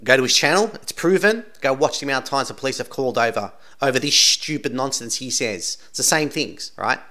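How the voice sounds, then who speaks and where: An Australian man with a medium-pitched, expressive voice talks briskly in a pushed, bright tone. He's a channel host commenting on video clips in a casual, insistent, rambling way, ending nearly every sentence with "right?"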